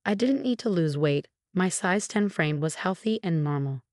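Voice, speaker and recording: A woman telling a first-person story in measured, scripted narration. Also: fairly low pitch, lively intonation, a little mellow, no echo, studio quality.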